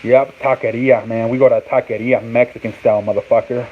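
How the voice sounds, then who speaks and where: A man with a mid-range, fairly even voice speaks briskly as he hosts a casual live-stream sports talk show. Rambling and profane, he keeps sounding words out repeatedly. The audio has a tinny, phone-like quality with faint noise.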